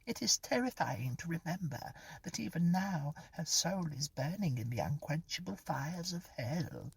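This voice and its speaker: A man's voice: a little high, animated, measured pace, vocal fry, husky, dry recording, pitched above the performer's own voice, full character voice. A man doing a cold, preachy old bigot. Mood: condemning.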